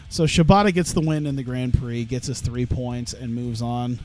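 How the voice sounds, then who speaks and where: A man's voice: medium pitch, steady tone, measured pace, mellow, soft background music. A young man streaming a wrestling management game, commentating casually with lots of swearing and laughter. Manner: profane, laughing, rambling commentary. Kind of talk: casual let's-play commentary.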